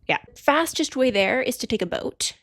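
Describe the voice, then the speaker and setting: A woman's voice: high-pitched, expressive, fairly bright tone, dry recording. A young woman casually recapping a romance novel, chatty, with joking asides. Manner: chatty, joking asides, plays characters in quick put-on voices. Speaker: book vlogger.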